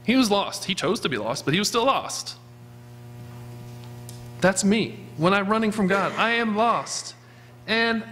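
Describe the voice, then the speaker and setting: A man's voice: sits high, a bit bright, slight background noise. A man preaching a sermon as pastor of a church, earnestly asking his congregation questions. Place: church sanctuary.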